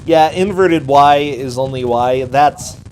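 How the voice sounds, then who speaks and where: A man commentating a live game race casually, reacting with quick exclamations. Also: mid-range voice, a little mellow, poor audio. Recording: faint game music behind.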